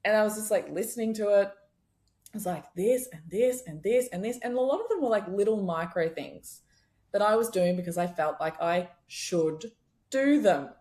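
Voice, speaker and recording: A woman's voice: medium pitch, lively intonation, normal speed, warm tone. A young adult woman chiropractor, talking candidly and expressively as a guest in a casual podcast conversation, swearing freely.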